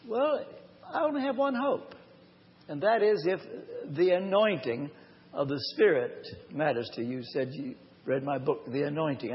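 A man preaching a live sermon in a church, telling a personal story earnestly and slowing down to stress key phrases. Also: a little high. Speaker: pastor. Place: church or large hall, live. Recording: long hall reverb, dull lo-fi sound.

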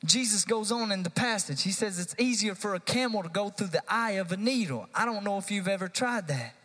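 A man's voice: sits high, lively intonation, a little fast, fairly bright tone. A man, a youth pastor, preaching a live sermon to a church congregation, building to emphatic repeated lines. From United States. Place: church sanctuary. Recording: long hall reverb.

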